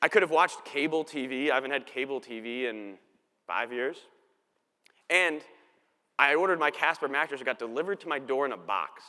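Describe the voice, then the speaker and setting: A man's voice: medium pitch, lively intonation, normal speed, bright, forceful tone. A man in his thirties giving a conference keynote on stage, telling his day as a casual, joking story into a stage microphone. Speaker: keynote speaker. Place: large conference hall on stage. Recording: long hall reverb.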